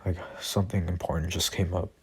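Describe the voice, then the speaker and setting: A man voicing a kind, earnest teenage boy hero in a spoken fan story, soft and apologetic in manner. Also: low-pitched, level tone, fairly quick, husky. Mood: urgent.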